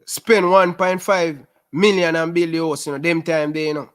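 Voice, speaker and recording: Man in his twenties, Jamaican Patois accent, fairly high voice, lively storyteller, casual interview guest. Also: moderate pace, clear, resonant tone. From Rema, Jamaica. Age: 20s. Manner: lively storyteller who keeps calling the host "sis".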